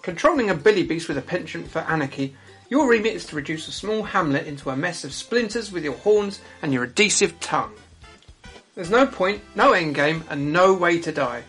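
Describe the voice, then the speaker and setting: A man reading a scripted comedic game review, deadpan and crude. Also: on the high side, fairly quick, faint music behind.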